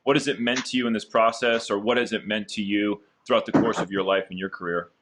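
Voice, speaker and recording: A man's voice: lowish voice, steady tone, fast talker, noisy background. A man hosting an interview over a video call, upbeat and encouraging, with frequent fillers. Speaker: interviewer and host.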